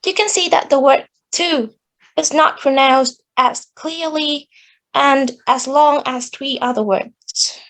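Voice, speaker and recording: High, gravelly woman. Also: takes it slowly, fairly bright tone, low-quality recording. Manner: careful, explanatory delivery with small restarts. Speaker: student presenter. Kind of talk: academic presentation.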